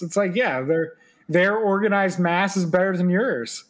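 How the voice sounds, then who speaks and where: A man co-hosting a sports podcast in casual chat, telling stories and slipping into quick mock voices. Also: sits high. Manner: animated storyteller, does quick mock voices. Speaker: podcast co-host.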